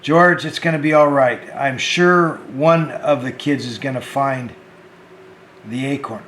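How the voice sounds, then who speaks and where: Slow, halting man talking to kids. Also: mid-range voice, a bit bright, a little hiss or hum. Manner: halting, hesitant with fillers. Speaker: children's show host. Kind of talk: gentle talk to children. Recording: echoey room.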